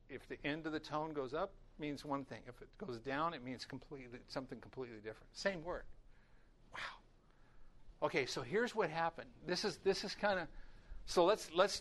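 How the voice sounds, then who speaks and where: An older man teaching a sermon in a storytelling way, acting out little scenes with lively voices. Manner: storytelling, acts out voices with rising pitch. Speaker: preacher.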